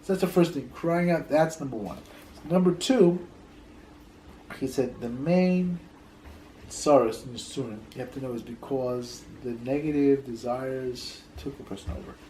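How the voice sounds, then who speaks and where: A man's voice: mid-range voice, moderate pace, mellow, a little hiss or hum, low-quality recording. A rabbi teaching a Torah class in a loose, conversational way, telling stories, repeating words as he thinks, and dropping in Hebrew terms.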